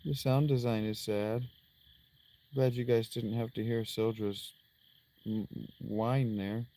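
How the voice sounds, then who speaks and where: Slow, chatty game streamer. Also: medium pitch, fairly even intonation, warm tone. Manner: chatty, swears casually, trails off with ums. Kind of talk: casual let's-play commentary.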